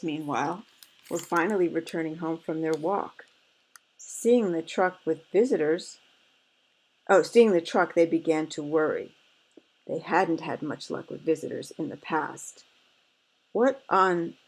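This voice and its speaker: A woman reading a picture book aloud, stopping for gentle, fretful asides. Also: low-pitched, unhurried, poor audio. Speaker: storyteller.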